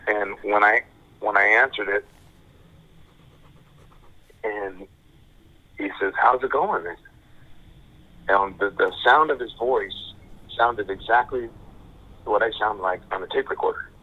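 An older man, a father, telling his story as a guest in a casual interview, soft-spoken and halting, repeating his words. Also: lowish voice, fairly even intonation. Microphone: phone call. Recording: tinny phone line.

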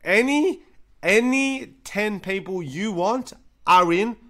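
A man's voice: high voice, animated, slow pace, sharp tone, voice pushed up, heavily acted. Man putting on a chirpy TV producer. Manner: chirpy, pushy sales patter. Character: upbeat male TV reality-show producer on a phone call.

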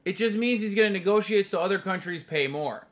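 A man in his thirties hosting a live stream, profane and mocking in loud rants. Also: sits high, brisk. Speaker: streamer host.

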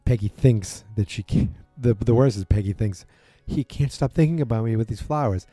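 A man's voice: on the low side, normal speed, mellow, dry recording. Loose, rambling man recapping a show. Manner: rambling, loose, many fillers, acts out quotes. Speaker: podcast host recapping a TV drama. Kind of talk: casual recap chat.

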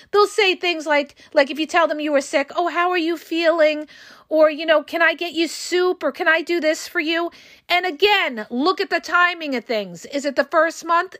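Blunt, profane high-voiced woman host. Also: fairly bright tone, dry recording, studio quality. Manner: blunt and profane, addressing listeners as "you guys"; repeats points for emphasis. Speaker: podcast host and relationship coach. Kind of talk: casual monologue.

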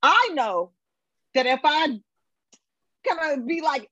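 A woman's voice: high voice, big pitch swings, takes it slowly, fairly bright tone, dry recording, muffled recording. A woman talking as a guest in a casual podcast chat, loose and conversational, circling back with fillers. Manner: conversational, repeats filler words.

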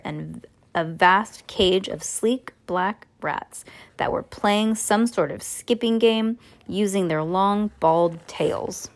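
A woman's voice: mid-range voice, vocal fry. Woman reading a storybook aloud, stumbling. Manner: stumbles and corrects herself often.

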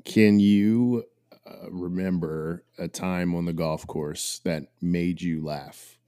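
Very deep, slow-talking man interviewer. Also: fairly even intonation, warm tone, clean tone. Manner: playful, teasing questions. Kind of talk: casual interview chat.

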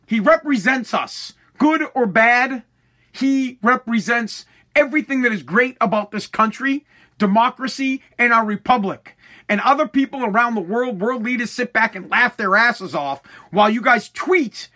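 A man from the United States rants at his followers in a high, bright and forceful voice. He swears freely and trips over his words as he goes, repeating himself and starting sentences again. His tone is impassioned throughout. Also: normal speed. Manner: profane, impassioned, frequent restarts and stammers. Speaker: online commentator. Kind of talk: heated political rant to followers.

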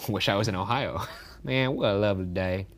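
A man putting on a slow Southern drawl. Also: on the low side, voice pushed down, lightly acted. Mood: savoring.

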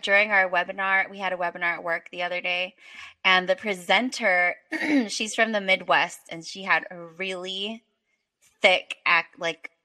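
Bright-voiced woman podcast co-host. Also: fairly low pitch, normal speed. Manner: laughing, animated storyteller. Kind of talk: casual chat.

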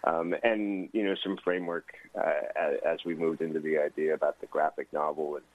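A man hosting a radio interview, talking haltingly with many fillers. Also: rumbling low, little pitch movement, no echo. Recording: tinny phone-like radio sound.

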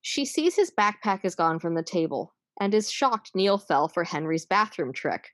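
A woman, hosting a podcast, chatting casually and recapping an episode, enthusiastic and quick to swear and laugh. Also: on the low side, animated, dry recording, studio quality. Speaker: podcast host.

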